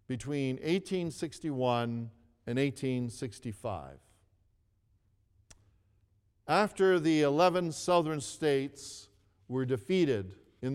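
Brief: male preacher, slow and earnest storyteller, slightly high voice, reverberant hall sound. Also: a little mellow, clean tone. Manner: earnest storytelling, repeats phrases, asks the listeners to read along. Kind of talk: sermon.

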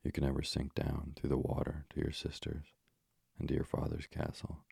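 Guy reading as a cruel old sea witch, super deep and gravelly, husky. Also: monotone, moderate pace, dark tone, no room sound, studio quality, exaggerated voice. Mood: menacing.

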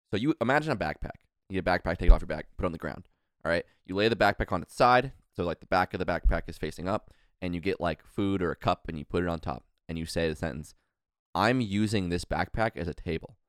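A man's voice: deep voice, dry recording, clean studio sound. A man co-hosting a podcast, telling a long rambling story in casual chat. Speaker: podcast co-host.

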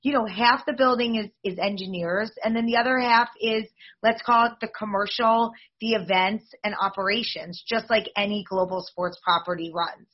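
Husky upbeat businesswoman pitching her league. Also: fairly even intonation, lo-fi sound. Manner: upbeat, promotional, fast-flowing. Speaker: league executive guest. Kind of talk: podcast interview answers.

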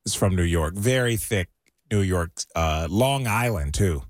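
Animated man from Maryland. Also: sits low, measured pace, no echo, clean studio sound. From Maryland, USA. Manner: animated storyteller, laughs often. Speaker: radio show co-host. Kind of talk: casual chat.

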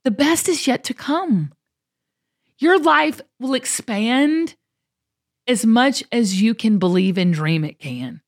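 A woman's voice: mid-range voice, expressive, unhurried, hardly any pauses, darkish tone, dry recording, studio quality. A middle-aged woman, hosting a casual chat and talking in an upbeat, motivational way. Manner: upbeat, motivational, uses y'all. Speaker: show host.

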